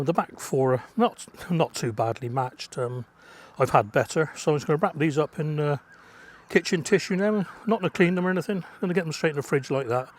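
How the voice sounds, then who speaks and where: A man's voice: a little high, a little hiss or hum. A man chatting casually as he works on his allotment, muttering asides as he goes. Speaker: allotment gardener vlogger. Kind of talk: casual chat while gardening. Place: outdoors at an allotment plot.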